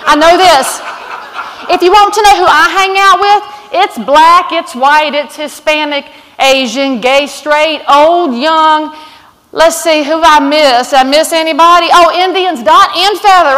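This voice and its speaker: A blunt, outspoken woman with a Southern accent delivers a fiery keynote in a large conference hall. Her voice is very high-pitched, bright and forceful, yet unhurried. Long hall reverb from the stage fills the recording.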